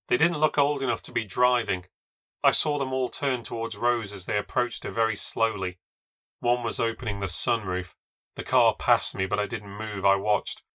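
Wry, measured male narrator for a ghost story podcast, slightly low and crisp-edged. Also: pushed and bright, no echo. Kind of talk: scripted first-person ghost story narration.

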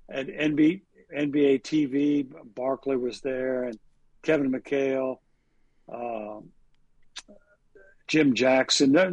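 A man's voice: medium pitch, no echo. A man co-hosting a casual sports talk show, telling rambling anecdotes packed with statistics and fillers. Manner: rambling, stat-heavy storytelling with frequent fillers. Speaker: sports reporter and co-host.

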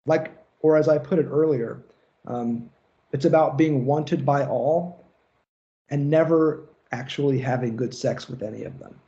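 A man's voice: on the high side, unhurried, warm tone, highs cut off. A man giving a casual seminar lecture, loose and profane, slipping into mocking rants to make a point. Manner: casual, swears freely, acts out mocking rants. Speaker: lecturer on psychoanalysis.

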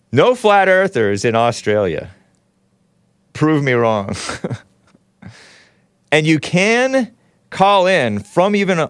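A man's voice: medium pitch, clean tone, dry recording, clean studio sound. A man hosting a live talk show, rambling and sarcastic, reading aloud and joking with his chat. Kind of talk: casual live-stream commentary.

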